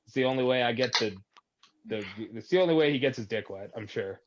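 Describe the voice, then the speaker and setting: A man's voice: mid-range voice, lively intonation, fast talker, highs cut off, noisy background. A man co-hosting a podcast who rants in casual banter and swears a lot. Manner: profane, ranting. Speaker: podcast co-host.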